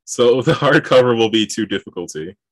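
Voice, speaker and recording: A man's voice: mid-range voice, lively intonation, a little fast, a bit bright, no echo. A man acting as game master for a tabletop game, explaining rules and laughing along with his players.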